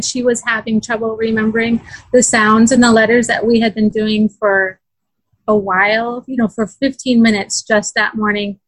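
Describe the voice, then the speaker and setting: A woman's voice: a little high, little pitch movement, normal speed, no echo, rough recording. A woman in a casual interview, earnestly telling how her daughter struggled, with many fillers and restarts. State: close to tears. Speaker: parent describing her daughter's learning.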